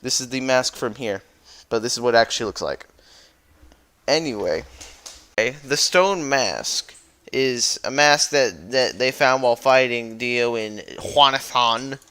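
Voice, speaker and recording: A man's voice: mid-range voice, unhurried, pushed and bright, smooth. A man who jokingly recaps a story as a YouTuber, rambling and correcting himself as he goes. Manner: rambling, playful, self-correcting.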